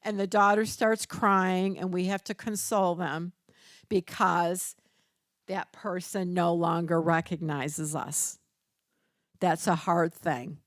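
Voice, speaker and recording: A woman's voice: lowish voice, fairly even intonation, slow, dry recording, clean studio sound. An older woman presenting a caregiving workshop, teaching through stories and acting out the people she quotes. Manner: storytelling, acts out quoted voices.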